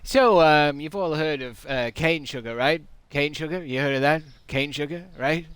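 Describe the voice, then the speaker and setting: A man doing a loud stand-up comic. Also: on the high side, normal speed, smooth, no room sound, lightly acted. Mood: rowdy. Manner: loud, rowdy audience banter. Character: brash male stand-up comic working a crowd.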